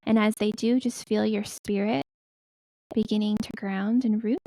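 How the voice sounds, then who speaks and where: A woman guiding a meditation in a soft, slow, soothing way. She drops into whispers and chants in an invented light language. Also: mid-range voice, steady tone, creaky, no echo, rough recording. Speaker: guest spiritual healer. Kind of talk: guided meditation.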